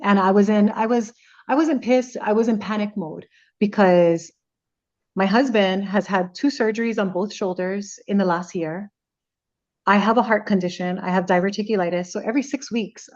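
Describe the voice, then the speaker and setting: Radio personality, woman, middle-aged; lively storyteller who acts out the dialogue, medium pitch, slightly dull lo-fi sound. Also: normal speed. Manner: animated retelling, acting out quoted dialogue. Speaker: radio personality, podcast guest. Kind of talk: casual storytelling in conversation.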